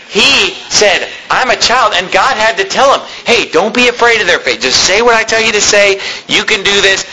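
A man's voice: sits high, bright, forceful tone, a little hiss or hum, rough recording. A man preaching a sermon in a church, talking in a conversational way with folksy asides. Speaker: pastor.

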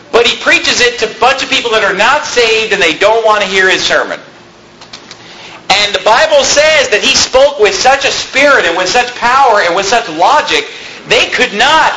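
A pastor preaches to his congregation in a high-pitched voice, telling a personal story in a lively way and putting questions to the room. The recording is low quality, with slight background noise.

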